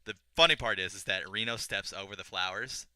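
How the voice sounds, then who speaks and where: A man's voice: on the low side, brisk, bright, forceful tone, clear, resonant tone, dry recording, studio quality. A young man casually retelling a video game story to a friend, rambling with restarts and acting out the characters' lines. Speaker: podcast co-host explaining a game story.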